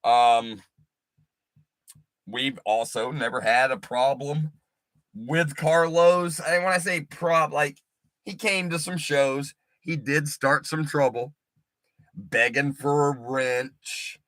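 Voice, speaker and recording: A man co-hosting a show, chatting casually in an animated, profane, rambling way. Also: a little high, slow, no echo. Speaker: podcast co-host. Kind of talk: casual chat.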